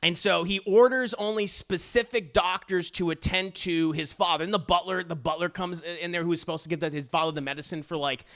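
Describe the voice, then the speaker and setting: Profane, animated young male reviewer. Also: high-pitched, fairly quick, few pauses. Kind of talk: casual episode recap.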